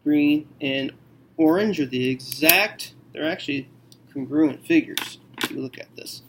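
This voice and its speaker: A man teaching a math lesson, working through a problem slowly and thinking aloud with frequent okays. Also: fairly high pitch, noisy background.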